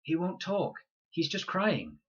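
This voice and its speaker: A man voicing a frightened, gentle young girl who speaks anxiously and pleadingly. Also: a little high, normal speed, breathy edge, highs cut off, pitched above the performer's own voice.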